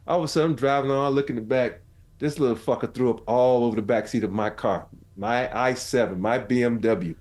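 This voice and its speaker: A man in his fifties co-hosting a podcast, chatting casually and telling animated stories that act out both sides of an argument. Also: brisk. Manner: animated storyteller, acts out his own and his wife's yelling in a high voice. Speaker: podcast co-host. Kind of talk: casual chat.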